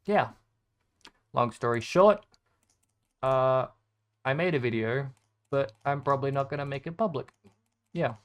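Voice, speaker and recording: A man's voice: medium pitch, a little slow, long pauses. A man giving casual gameplay commentary, rambling from tip to tip with lots of swearing and sarcastic jokes at his own expense. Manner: rambling, profane, sarcastically self-deprecating. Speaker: gaming content creator.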